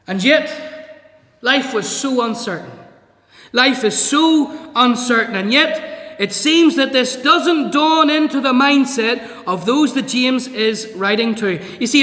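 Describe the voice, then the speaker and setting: A man preaching an emphatic sermon, throwing rhetorical questions at his hearers. His voice sits very high and rings bright and forceful. The recording carries the roomy echo and long reverb of a church hall. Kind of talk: evangelistic sermon.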